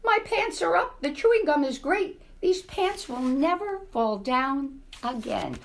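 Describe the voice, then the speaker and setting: A woman's voice: sits low, huge pitch swings, unhurried, a little mellow, pitched below the performer's own voice, heavily acted. A woman voicing a grumpy old male mouse who dislikes children, in a storybook read aloud. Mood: delighted. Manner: cranky then pleading cries.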